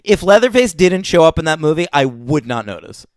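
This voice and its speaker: A man's voice: on the high side, very animated, a little fast, dry recording. A man co-hosting a casual movie review podcast, joking in a dry, sarcastic way. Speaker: podcast co-host. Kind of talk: casual film review chat.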